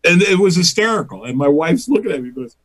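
A man's voice: on the high side, expressive, quick pace, fairly bright tone. A male stand-up comedian telling a story in casual chat, acting out quotes and laughing often. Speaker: guest comedian and voice actor.

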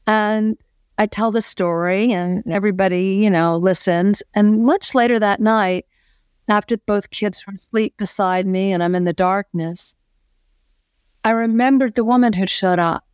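A woman's voice: mid-range voice, steady tone, measured pace, a little mellow, clean tone, no echo, clean studio sound. A middle-aged woman, a podcast guest, earnestly telling a personal story with lots of "you know" fillers.

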